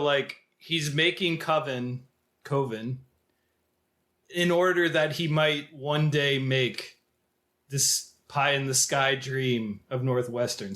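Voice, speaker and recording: A man co-hosting a film podcast, chatting casually and explaining his takes with animation. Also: mid-range voice. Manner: animated, storytelling, acts out quotes. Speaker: podcast co-host.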